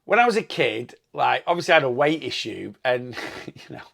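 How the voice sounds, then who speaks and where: A man's voice: mid-range voice, very animated, moderate pace, vocal fry, fairly bright tone. A man, casually chatting in his weight loss vlog, rambling and enthusiastic about food. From England.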